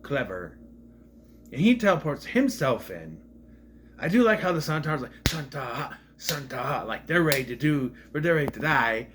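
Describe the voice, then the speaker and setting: A man's voice: on the high side, sing-song, fairly quick, fairly bright tone, slight background noise. A man talking through an episode in a loose, rambling, casual retrospective. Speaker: show reviewer.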